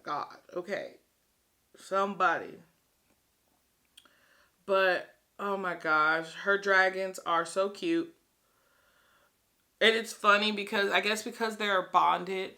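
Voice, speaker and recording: A woman's voice: mid-range voice, sharp tone. A woman vlogging casually about a book she is reading, chatty and gushing, rambling and laughing often. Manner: rambling with fillers and restarts. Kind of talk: casual reading vlog chat.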